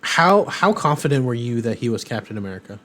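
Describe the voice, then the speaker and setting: Very animated and fairly quick, this podcast co-host has a medium-pitched, slightly bright voice. He chats casually and rambles, filling his speech with lots of ums and uhs.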